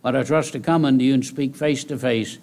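A man preaching a sermon in a folksy way, repeating key phrases and rising into loud exhortation. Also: fairly even intonation, brisk. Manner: rises to loud, high-pitched exhortation. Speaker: pastor.

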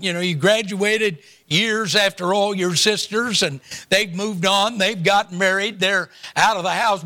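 A man's voice: high-pitched, sharp tone. An older man preaching a sermon, telling a folksy family story with humorous asides before turning to scripture. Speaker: pastor.

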